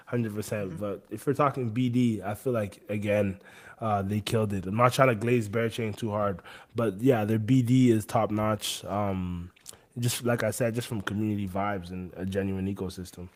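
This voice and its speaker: Co-host, male, lowish voice, relaxed and thoughtful, on a video call. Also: normal speed. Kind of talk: casual chat on a video call.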